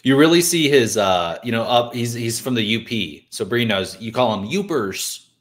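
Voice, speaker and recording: A man's voice: medium pitch, lively intonation, moderate pace, fairly bright tone. A man co-hosting a recap podcast, rambling in loose, joking casual chat. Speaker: podcast co-host.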